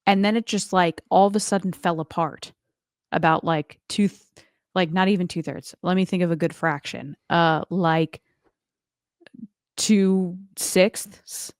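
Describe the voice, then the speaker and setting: This podcast co-host speaks in a lowish, smooth voice with fairly even intonation, a little on the slow side. Casual and chatty, she leans on "like" and slips into playful voices when quoting others. The sound is studio quality with no room sound.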